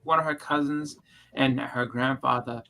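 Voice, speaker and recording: A man's voice: medium pitch, steady tone, normal speed, sharp tone, a little hiss or hum. A man in his thirties chatting casually in a group, rambling and repeating words as he gets his thoughts out.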